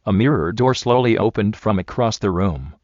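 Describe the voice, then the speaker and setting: A man narrating an audiobook in a steady, even way. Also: on the low side, normal speed, no echo, dull audio. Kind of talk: scripted narration.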